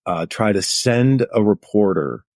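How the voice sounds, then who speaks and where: A man's voice: fairly low pitch, expressive, unhurried, a little mellow, no echo, studio quality. A middle-aged man, a journalist guest, telling anecdotes in a casual interview with lots of "like" fillers. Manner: anecdotal, chatty, many "like" fillers.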